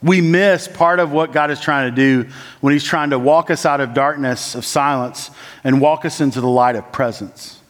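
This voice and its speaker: A man preaching a sermon with frequent "uh" and "like" fillers, who moves between raised, urgent lines and low, slow, quiet ones. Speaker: church planting resident preaching. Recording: long church-hall reverb.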